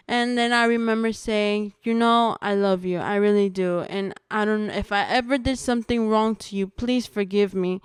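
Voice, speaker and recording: A woman's voice: mid-range voice, steady tone, clear, resonant tone, dry recording, clean studio sound. Earnest young woman telling her testimony. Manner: earnest storytelling, halting with restarts. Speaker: podcast guest sharing testimony. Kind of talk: personal testimony in casual conversation.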